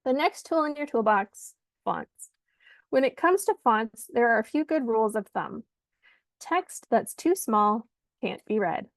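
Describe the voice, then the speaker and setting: A woman giving an online lesson on designing pitch slides, speaking clearly and emphatically like a teacher. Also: lively intonation, measured pace, no room sound. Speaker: pitch coach. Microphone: video call.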